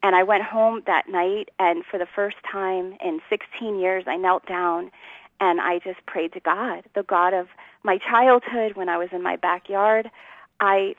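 A woman's voice: mid-range voice, no echo. Woman telling her faith story, earnest, dry lo-fi sound. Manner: earnest storytelling, acts out quotes, laughs often. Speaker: guest telling her testimony. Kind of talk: personal testimony in a conversation.

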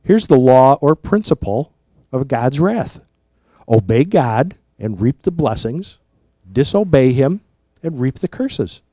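A man preaching a sermon in a deliberate, emphatic way, often asking rhetorical questions. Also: mid-range voice, very animated, dark tone, dry recording.

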